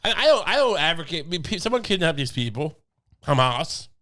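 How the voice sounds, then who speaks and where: A young man with a smooth, resonant voice, sitting a bit high for a man. He co-hosts a podcast and jokes in a deadpan, rambling way, restarting his sentences often. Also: brisk. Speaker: podcast co-host. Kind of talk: casual comedic chat. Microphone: studio podcast mic.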